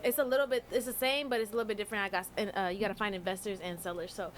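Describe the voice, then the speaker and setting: A woman guest chatting casually and talking fast, hesitating and restarting her sentences with lots of fillers. Faint noise sits under her voice. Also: mid-range voice, steady tone. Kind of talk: casual chat.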